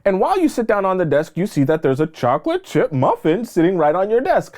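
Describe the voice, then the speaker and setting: A man's voice: big pitch swings, fairly quick, few pauses, darkish tone. A man giving dating advice straight to camera, emphatic and acting out little scenes by playing both sides. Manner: emphatic, acts out both sides of little scenes with squeaky high voices for the woman. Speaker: dating coach. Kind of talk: direct-to-camera advice monologue.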